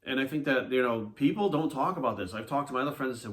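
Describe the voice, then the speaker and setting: A man, a fitness coach, telling a personal story in a blunt, animated way with a lot of swearing. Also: medium pitch, fast. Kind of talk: casual monologue to camera.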